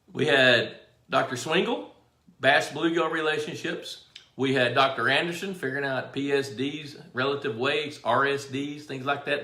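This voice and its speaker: A middle-aged man hosts a live stream in an easy, folksy storytelling way. His voice sits a little high and sounds bright and forward. The room around him rings with echo. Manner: folksy storyteller, greets viewers by name. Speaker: show host. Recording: echoey room.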